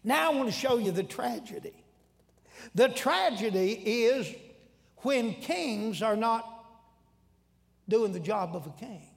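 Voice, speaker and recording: This very high-voiced preacher tells stories in a folksy, animated way, breaking out into loud shouts, his words echoing with the long reverb of a big church hall. He speaks slowly, with vocal fry and long pauses.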